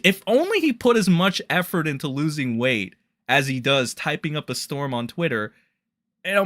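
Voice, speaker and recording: Lively, bright-voiced young man ranting. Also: medium pitch. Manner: rambling, crude, mocking, many fillers. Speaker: livestream commentary host. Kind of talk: profane casual livestream commentary.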